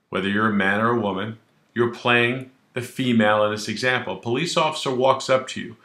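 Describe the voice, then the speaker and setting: This legal explainer features a man of medium pitch whose voice sounds pushed and bright, with reverb around it. Talking directly to camera, the attorney keeps things colloquial and jokey, playing out little scenes and quoted exchanges.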